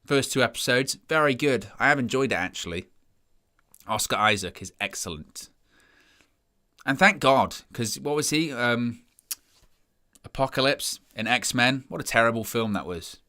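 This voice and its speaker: Hosting a live football watch-along, this young man grumbles at length about his team's performance, dejected and poking fun at himself. His bright, forceful mid-range voice is expressive and moves at a moderate pace, broken by long pauses.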